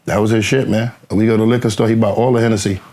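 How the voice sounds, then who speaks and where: A man, a guest rapper telling stories in a casual interview, animated and acting out what others said, swearing freely. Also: on the low side, rapid-fire. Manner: animated, acts out quoted dialogue, swears freely.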